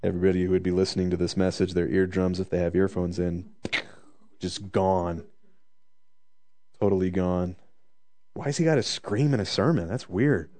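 A man preaching a conversational sermon, joking in asides and slowing down to stress the scripture. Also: low voice, warm tone.

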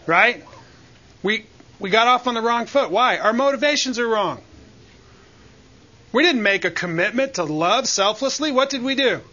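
Bright-voiced high preaching man. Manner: preacherly, asks the group questions. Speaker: Bible teacher. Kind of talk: church Bible lesson. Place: church room with a group. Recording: dull lo-fi sound.

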